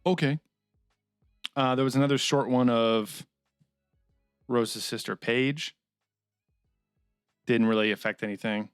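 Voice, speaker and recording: A man's voice: medium pitch, fairly even intonation, takes it slowly, pauses often, clear, resonant tone, dry recording, clean studio sound, faint music behind. Profane, opinionated male podcast co-host. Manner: profane, opinionated, swears casually. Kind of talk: casual comedic chat, reading live chat questions.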